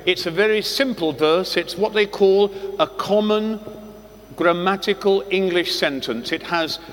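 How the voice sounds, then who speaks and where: A man preaching a sermon to a congregation, telling stories slowly and deliberately with dramatic pauses. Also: sits high, a bit bright. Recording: long echoey hall reverb.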